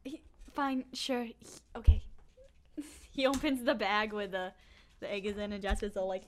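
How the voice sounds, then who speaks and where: A woman's voice: mid-range voice, fairly even intonation, normal speed, slight background noise. A woman narrating as game master of a tabletop role-playing game, casual and laughing often. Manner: casual, laughs a lot, voices tavern figures loosely.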